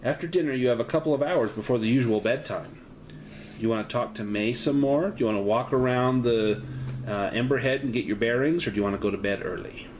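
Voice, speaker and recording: A man's voice: brisk, a little hiss or hum, rough recording. A man running a solo tabletop horror game, narrating the scene in detail and offering choices to a player. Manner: descriptive, with lively pitch, offering choices. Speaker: game master.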